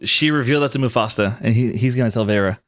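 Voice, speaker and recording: A man running a tabletop game as game master, explaining what the characters do in a halting way with frequent restarts. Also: medium pitch, dry recording.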